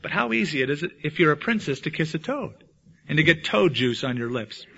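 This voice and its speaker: A man preaching a sermon as pastor, swinging from loud emphatic lines to hushed ones. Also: a little high, big pitch swings, brisk, vocal fry, slightly rough. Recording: dull lo-fi sound.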